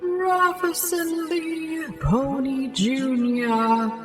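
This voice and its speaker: A woman voicing a ghostly mother in a storybook tale, calling out names in a drawn-out, hollow way. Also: sits high, flat delivery, soft background music, voice pushed up. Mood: eerie. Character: slow eerie female ghost, a vengeful mother.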